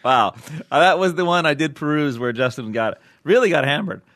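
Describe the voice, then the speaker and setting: A man's voice: on the high side, animated, brisk, few pauses, fairly bright tone, no echo, clean studio sound. A man co-hosting a comedy podcast, chatting in a loose, rambling way and laughing often. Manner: giggly, rambling banter with frequent laughs. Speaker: podcast co-host. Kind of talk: casual comedic chat.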